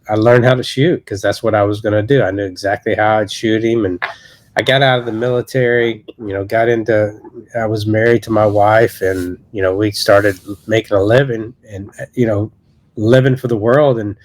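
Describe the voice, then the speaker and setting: A man in his thirties, an associate pastor, telling his personal testimony in a podcast interview in a halting, earnest way with many restarts. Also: on the low side.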